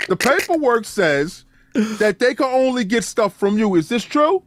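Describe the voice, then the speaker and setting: A man co-hosting a casual gaming podcast, loud and teasing, laughing often between lines. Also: high-pitched, expressive, moderate pace, slight background noise. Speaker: podcast co-host.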